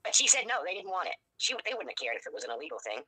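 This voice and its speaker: A woman in her sixties, speaking bluntly and profanely as an interview guest, telling her story in an animated way. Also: lowish voice, rapid-fire, slightly rough, no room sound, poor audio. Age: 60s. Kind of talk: candid interview.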